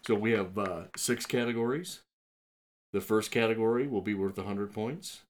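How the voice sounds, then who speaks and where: A man's voice: fairly low pitch, moderate pace. A man hosting a crude mock game show on a podcast, swinging into theatrical announcer tones.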